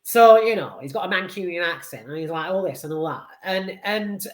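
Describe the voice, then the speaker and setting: A woman's voice: on the low side, fairly quick. A woman gives a rambling film review. She swears and often trips over her words. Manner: rambling and animated, sweary, many hesitations. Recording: roomy echo.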